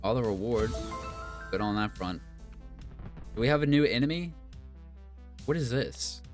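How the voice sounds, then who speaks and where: A man's voice: medium pitch, lively intonation, a little slow. A man chatting casually while playing a video game, musing and meandering with many fillers. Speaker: gaming YouTuber. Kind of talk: rambling commentary over gameplay. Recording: game music playing behind.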